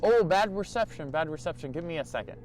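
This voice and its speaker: A young man voicing an overeager, smooth-talking male rental scammer who stalls with ums. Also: on the high side, lively intonation, fast talker, darkish tone, a little hiss or hum, pitched above the performer's own voice, natural voice. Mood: evasive. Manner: overly cheerful, stalling with ums.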